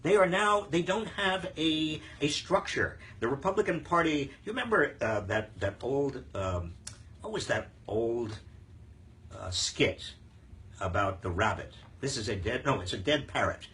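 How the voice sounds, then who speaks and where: A man's voice: mid-range voice, lively intonation, measured pace, a bit bright. An older man hosting a live viewer Q&A on politics, talking emphatically with frequent fillers and restarts. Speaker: host answering viewer questions.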